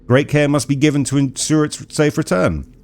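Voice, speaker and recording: A man voicing a gruff male prison officer in a put-on Australian accent, drawling through official paperwork. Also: on the high side, fairly even intonation, normal speed, a little mellow, pitched above the performer's own voice, close to an everyday voice. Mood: brusque official.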